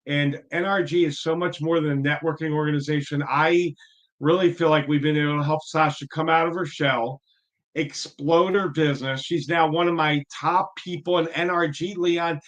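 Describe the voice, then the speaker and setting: A man's voice: a little high, fairly even intonation, normal speed. A man introducing a guest in an enthusiastic, rambling casual chat.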